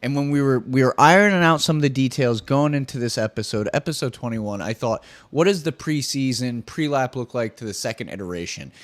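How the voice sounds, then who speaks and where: A man's voice: mid-range voice, lively intonation, brisk, few pauses. A man hosting his own podcast, talking solo in a candid, rambling, profane and self-deprecating way. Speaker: podcast host.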